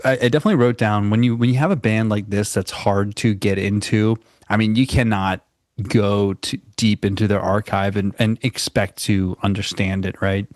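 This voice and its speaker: A man co-hosting a casual music podcast, talking in loose, halting phrases packed with "like". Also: on the low side, steady tone, no room sound, studio quality. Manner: loose, halting, says "like" often. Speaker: podcast co-host.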